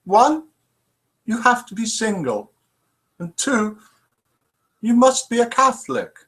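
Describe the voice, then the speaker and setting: Man putting on an older nun, prim and sing-song, pitched up high. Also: slow pace, fairly bright tone, husky, heavily acted. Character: old woman, a cheeky nun.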